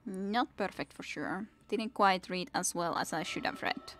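A young woman with a lowish voice talks loosely through a live game stream. She keeps up easy, rambling chat and answers her viewers between moments of play, with a faint hiss under her voice. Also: unhurried, fairly bright tone. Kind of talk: casual live-stream chat while gaming.

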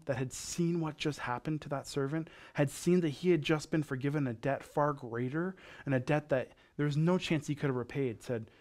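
A male pastor from Canada giving a sermon, telling a parable in a casual, conversational way. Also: medium pitch.

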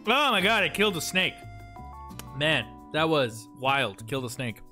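A man's voice: a little high, big pitch swings, normal speed, bright, forceful tone, faint music behind. A man chatting playfully with his livestream chat, joking at his own expense while he plays. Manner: playful, self-mocking, talks to chat. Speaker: streamer.

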